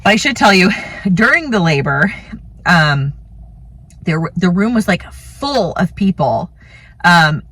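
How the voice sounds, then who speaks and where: A woman's voice: fairly low pitch, sing-song, takes it slowly, long pauses, fairly bright tone. A woman in her thirties casually telling a personal story, chatty and rambling, full of "like" and "you know.". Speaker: vlogger, mother telling a birth story.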